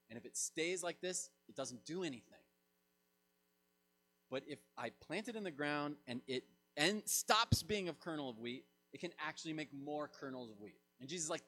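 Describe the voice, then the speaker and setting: A man preaching a sermon as pastor, swinging from loud emphatic lines to soft low asides.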